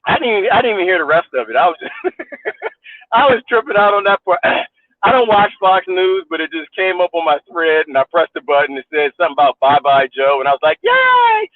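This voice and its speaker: High-pitched mocking man ranting. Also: fast, dry recording. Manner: mocking, laughs often, repeats himself. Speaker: vlogger. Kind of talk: casual rant to camera. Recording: tinny phone-like dry sound.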